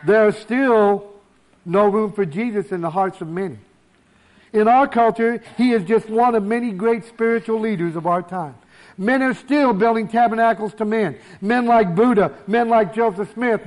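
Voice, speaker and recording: A man preaching a sermon, emphatic, slowing down to stress key words. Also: high-pitched.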